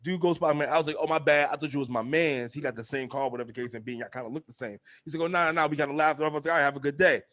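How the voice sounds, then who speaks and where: A young man hosts a relaxed podcast conversation. He tells stories with lots of life, swears freely and jumps up high when he acts out what others said. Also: racing, hardly any pauses. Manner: animated storyteller, acts out quotes in a high voice. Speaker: podcast host. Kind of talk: casual chat.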